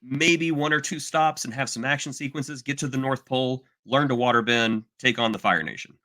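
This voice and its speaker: A man co-hosting a podcast in casual, animated chat, exaggerating and slipping into mock voices. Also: medium pitch, normal speed. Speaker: podcast co-host.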